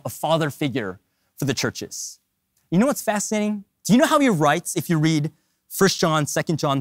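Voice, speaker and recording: Male pastor, sermon, animated and joking, pitch swinging widely, dry close sound. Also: dry recording. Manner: animated, humorous, emphatic.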